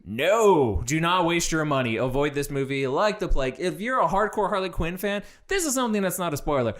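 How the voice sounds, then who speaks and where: A man with a somewhat high voice co-hosts a casual movie review chat. He talks bluntly and with exasperation, swearing freely as he tears into the film. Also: expressive, brisk, a bit bright.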